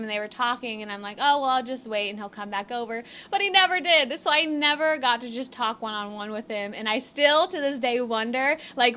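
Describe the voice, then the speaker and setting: Bubbly high bright-voiced young woman. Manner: bubbly, chatty, many fillers, acts out quotes. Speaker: vlogger. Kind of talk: storytime chat.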